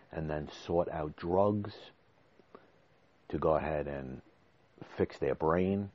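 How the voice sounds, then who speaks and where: Recorded with dull audio on a desk microphone, a low-pitched man in his forties hosts a podcast. In a casual monologue to listeners he gets emotional, rambles, and restarts his words.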